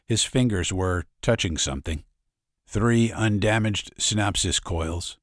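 A man narrating an audiobook in a measured, dramatic reading, recorded in a studio. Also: lowish voice, dry recording. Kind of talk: scripted narration.

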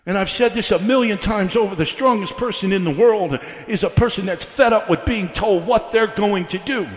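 A man's voice: sits high, moderate pace. A male evangelist preaching a fiery revival sermon, breaking his lines with "uh" and building by repeating the same questions. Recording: echoey hall.

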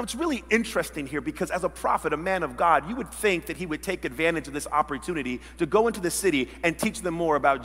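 A male pastor delivers a dramatic sermon in a high, ringing voice, slipping into quoted voices and shifting from loud outbursts to near whispers. His words trail off into a long reverb that fills the church sanctuary. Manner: dramatic, acts out quoted voices, swings between loud and hushed.

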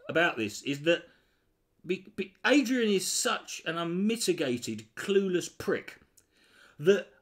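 A man riffs sarcastically over a clip, his pitch swinging widely and sitting a touch high. He swears often and mocks the speaker with exaggerated mimicry. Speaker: commentator reacting to a video. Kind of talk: reaction commentary.

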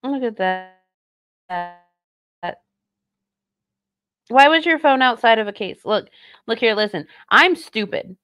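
A woman's voice: fairly high pitch, lively intonation, takes it slowly, long pauses, fairly bright tone. A woman streamer giving casual commentary on clips and reading chat, sarcastic, blunt and mocking.

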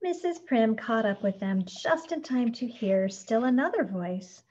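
A woman narrating a children's storybook in a gentle, expressive read-aloud. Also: mid-range voice, a little slow, few pauses. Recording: dull lo-fi recording.

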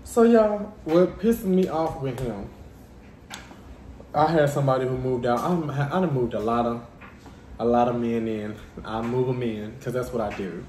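A man telling a dramatic personal story to his vlog viewers in a lively, casual way. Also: medium pitch, a little slow, reverberant, a little hiss or hum. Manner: animated, dramatic storytelling addressing viewers as y'all. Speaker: vlogger.

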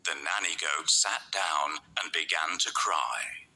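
Male storyteller, bright and husky, slow dramatic bedtime narration with whispered passages. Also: very deep voice, fairly even intonation, low-quality recording.

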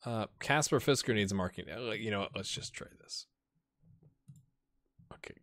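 A man gives casual let's-play commentary in a bright, pushed-forward voice, joking with his viewers and mumbling asides as he goes. The sound is close and dry, with no room around it. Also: fairly low pitch, normal speed, no room sound. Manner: chatty, self-mocking, jokes and muttered asides. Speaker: gaming channel host.

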